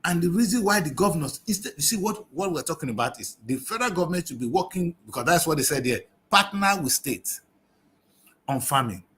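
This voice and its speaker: A man's voice: on the high side, lively intonation, brisk, fairly bright tone. A man giving impassioned political commentary on a TV review show, scolding and firing off rhetorical questions.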